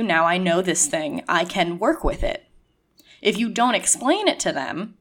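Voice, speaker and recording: A young adult woman chatting casually as a podcast co-host, acting out quoted lines with lively shifts in voice. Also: mid-range voice. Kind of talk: casual conversation.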